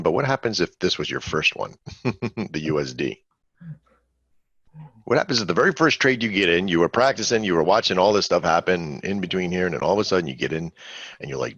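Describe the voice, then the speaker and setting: A man's voice: low-pitched, lively intonation, fairly quick, a bit bright, slightly rough, dry recording, dull audio. A man hosting a live trading webinar, talking in a rambling, conversational way and quizzing his audience. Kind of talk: casual live webinar teaching.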